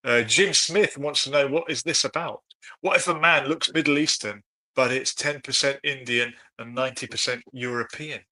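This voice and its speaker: A man's voice: mid-range voice, normal speed, sharp tone. A man co-hosting a live online discussion, chatting casually and reading out viewer comments. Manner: chatty, reads out viewer comments, asks follow-ups. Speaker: co-host of a live discussion stream.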